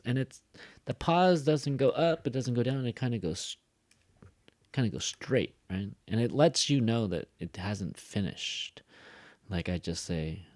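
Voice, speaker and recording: Guy teaching english pronunciation, laid back, keeps saying example lines out loud and joking. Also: mid-range voice, expressive, moderate pace, no echo, clean studio sound. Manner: demonstrates sentences aloud and jokes around. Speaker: ESL teacher. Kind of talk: casual classroom explanation.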